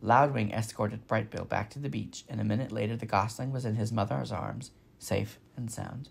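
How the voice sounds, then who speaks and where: Gravelly, husky man reading a storybook. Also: fairly low pitch, steady tone, moderate pace, hardly any pauses. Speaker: storybook reader. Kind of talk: reading a children's novel aloud.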